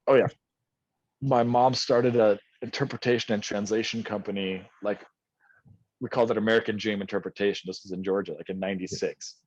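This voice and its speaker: A man's voice: on the low side, fairly even intonation, a little fast, a little mellow, no room sound. Man in his thirties on a dull line. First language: not English. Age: 30s. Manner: rambling, frequent restarts and fillers. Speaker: guest. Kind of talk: casual podcast chat. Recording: dull dry sound.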